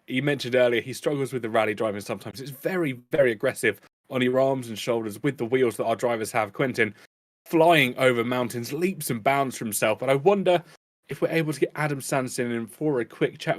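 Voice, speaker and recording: A man's voice: medium pitch, brisk. A man commentating live on a sim racing stream, chatty and bantering with the guest. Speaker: race commentator.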